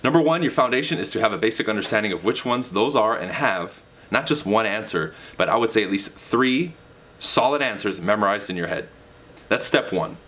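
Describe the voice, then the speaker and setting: A man's voice: animated, fairly quick, a bit bright. A man coaching salespeople on handling objections in a direct, casual motivational monologue, pushing his voice up sharply to stress points. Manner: emphatic, swings pitch for emphasis; direct, casual with mild swearing. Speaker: real estate sales coach.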